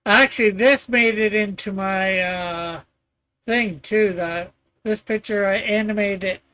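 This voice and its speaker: A man hosting a casual live stream, rambling in a relaxed way and laughing often while he talks. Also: sits high, a little slow, smooth.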